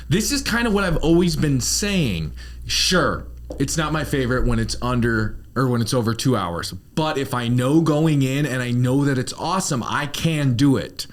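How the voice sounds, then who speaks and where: A man's voice: medium pitch, expressive, moderate pace. A man co-hosting a casual movie podcast, running the segments and laughing often. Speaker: podcast co-host. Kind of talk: casual chat.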